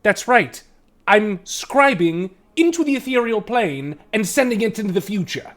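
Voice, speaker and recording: A man voicing a fussy, hurried male gnome mage with a high stammering voice. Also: big pitch swings. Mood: flustered. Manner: high-pitched, loud, stammering rush.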